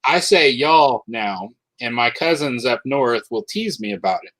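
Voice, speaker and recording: A man who grew up in South Dakota hosts a relaxed livestream chat, greeting viewers and laughing easily. His voice sits at an ordinary pitch and sounds dry and close to the mic. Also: unhurried, no room sound, rough recording. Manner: laughs often, chatty and upbeat. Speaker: host.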